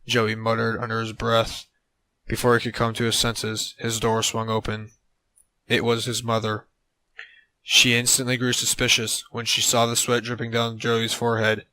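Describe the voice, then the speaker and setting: A man narrating an absurd comedic story in a deadpan way on a close mic. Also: medium pitch, normal speed, no room sound, poor audio.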